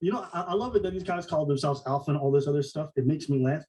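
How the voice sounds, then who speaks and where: A man with a high, quick voice tears into his rivals in a mocking, profane podcast rant. He rattles off his points fast and stays set back from the microphone, so the sound is a little distant. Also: darkish tone. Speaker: podcast co-host.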